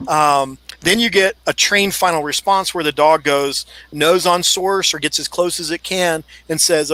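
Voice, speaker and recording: A man's voice: on the high side, fairly even intonation, moderate pace, pushed and bright, no echo, poor audio. A man in a casual podcast discussion, explaining at length and acting out what a dog would say. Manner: explains at length, acts out dog thoughts in quotes. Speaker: dog handling expert guest.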